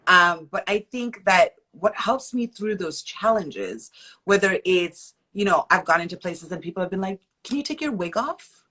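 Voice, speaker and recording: A woman guest in a casual interview, talking in an animated, slangy way and telling stories with playful quoted voices. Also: fairly low pitch, normal speed. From half Indian, half Sudanese heritage. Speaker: interview guest, curve model and actor.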